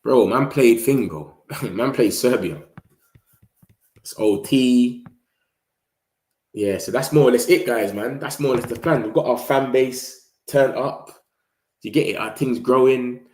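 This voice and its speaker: Slangy London lad in a roomy echo. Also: male voice, medium pitch, measured pace, darkish tone. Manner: loose slangy banter, mimics rival fans in a raised voice. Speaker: football fan channel host. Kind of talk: casual live-stream chat.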